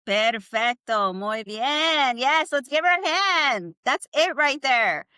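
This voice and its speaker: A woman, a native Spanish speaker, leads a live online language class over a video call. Her voice sits a little high, and she coaches her students to repeat phrases with upbeat encouragement. The sound is close and dry. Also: animated, slow, bright, forceful tone, clean tone, dry recording. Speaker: Spanish teacher.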